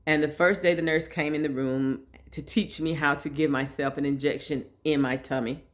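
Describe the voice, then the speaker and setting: Animated woman host, storytelling straight to her listeners. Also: sits low, normal speed. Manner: chatty, animated, addresses listeners directly. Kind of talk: casual personal storytelling.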